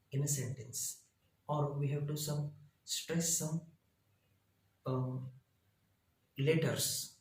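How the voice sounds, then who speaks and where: A man, a teacher reading his lesson out slowly in short, halting phrases. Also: on the high side, darkish tone, roomy sound, a little hiss or hum, low-quality recording. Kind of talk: reading lesson slides aloud.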